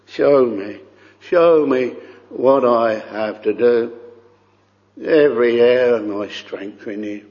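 A man's voice: mid-range voice, steady tone, slow. A man preaching a sermon in an earnest, pleading way, often repeating phrases and crying out "oh". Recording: dull lo-fi recording with long hall reverb.

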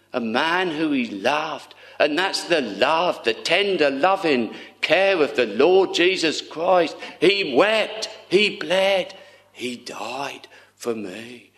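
A man preaching a sermon in an earnest, tender way, often dropping to a hush. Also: fairly high pitch.

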